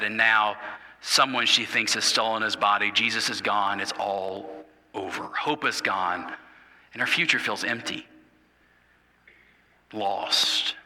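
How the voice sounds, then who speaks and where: Pastor, male, bright ringing voice, tells the story with dramatic hushes and stumbles, recorded in a big echoing sanctuary. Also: lowish voice. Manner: stumbles and repeats words. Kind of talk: sermon. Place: church sanctuary. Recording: reverberant church hall.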